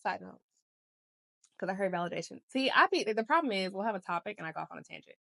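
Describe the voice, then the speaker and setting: A woman's voice: medium pitch, lively intonation, quick pace, creaky, a bit bright, dry recording. A woman co-hosting a podcast, chatting casually about her work and life, laughing often and going off on tangents. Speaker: podcast co-host. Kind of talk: casual chat.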